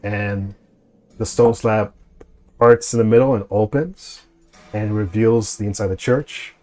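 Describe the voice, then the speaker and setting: Low-voiced man narrating as game master. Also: fairly even intonation, unhurried, a little mellow, faint music behind. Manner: hesitant, many fillers.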